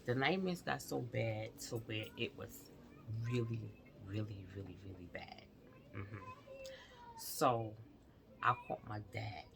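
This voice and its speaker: A woman's voice: very deep voice, measured pace, creaky, background noise. A woman vlogger telling a personal story in casual conversation, speaking straight to her viewers. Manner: animated retelling, acts out quoted dialogue; speaks directly to the audience.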